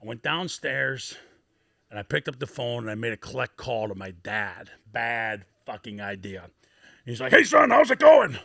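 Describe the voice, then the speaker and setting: A man's voice: lowish voice, moderate pace, vocal fry, no echo, studio quality. A middle-aged man from Scranton, Pennsylvania, telling old football stories in casual, profane chat and acting out the people he quotes. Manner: profane, animated, acts out quoted voices. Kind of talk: casual storytelling on a podcast.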